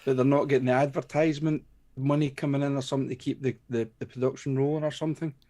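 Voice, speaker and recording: A man's voice: medium pitch, steady tone, fast, mellow, slight background noise. Blunt, sweary man in banter. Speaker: live stream co-host. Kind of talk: casual chat.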